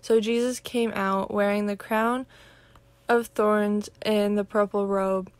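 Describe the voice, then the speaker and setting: Woman lector, scripture reading, dry sound, even delivery. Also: medium pitch, slow pace, clean tone, no echo. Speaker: scripture reader. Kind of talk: reading the Passion aloud in church.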